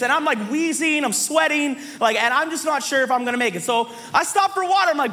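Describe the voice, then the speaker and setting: A man preaching a sermon, telling a funny hiking story in an animated way. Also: extremely high pitch, quick pace, hardly any pauses, big-room sound. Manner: animated storytelling, voices quoted people.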